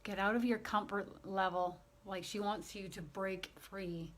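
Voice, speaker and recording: Woman medium, unhurried and tender, relaying spirit messages. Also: medium pitch, fairly even intonation. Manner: slow, gentle and emotional, relaying messages. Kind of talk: channeling session.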